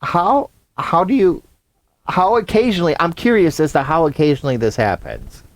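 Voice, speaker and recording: A man's voice: fairly high pitch, moderate pace, no room sound. A man co-hosting a podcast, chatting casually and reading articles aloud. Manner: animated, reads articles aloud. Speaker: podcast co-host. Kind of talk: casual chat.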